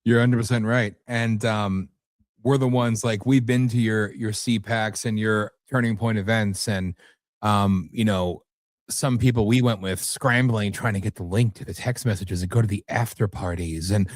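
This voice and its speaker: A man's voice: lowish voice, fairly even intonation, moderate pace, no room sound, studio quality. A man on a talk stream, speaking bluntly and angrily, with swearing. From United States. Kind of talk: heated political talk.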